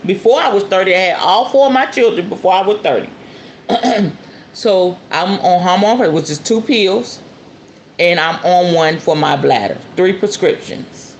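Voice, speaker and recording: A woman's voice: lowish voice, a little slow. A woman in her forties hosting a podcast, talking casually and bluntly to her listeners, emphatic and a little scolding. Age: 40s. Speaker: podcast host and spiritual herbalist. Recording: roomy echo with faint ambient noise.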